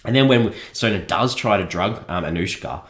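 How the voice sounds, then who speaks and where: A man's voice: on the low side, normal speed, a bit bright. A man casually reviewing a film on a podcast, chuckling often as he mocks what he saw. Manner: chuckles often, mocking and critical.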